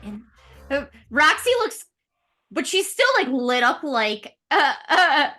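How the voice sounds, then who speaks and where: A woman with a high, bright voice that swoops up and down, talking slowly and giggling through her turns at the table. Faint music hums behind her. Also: big pitch swings. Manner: giggly, apologetic, playful. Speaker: player. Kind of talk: casual tabletop game play.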